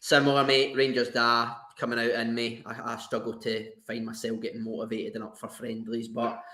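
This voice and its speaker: Guy, flat monotone, keeps repeating words, echoey room. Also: medium pitch. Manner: halting, repeats words while thinking. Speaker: podcast co-host. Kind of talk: casual football chat. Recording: roomy echo.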